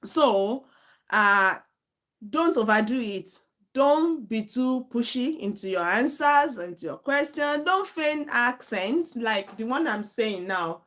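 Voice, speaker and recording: A woman's voice: fairly high pitch, expressive, takes it slowly, a bit bright. A woman, teaching an IELTS speaking lesson live online in a direct, earnest way, repeating her points for emphasis. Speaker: IELTS tutor.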